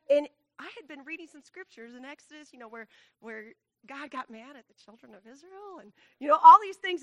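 A woman's voice: high-pitched, sharp tone, dry recording. A woman giving an earnest talk to a church congregation, laughing often and growing tearful at times. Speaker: church speaker.

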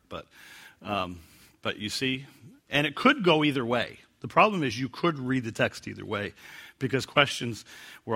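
A man teaches a Bible passage verse by verse in a bright, ringing voice. He jokes about his own gags and slips into lively put-on voices for the lines he quotes. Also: mid-range voice.

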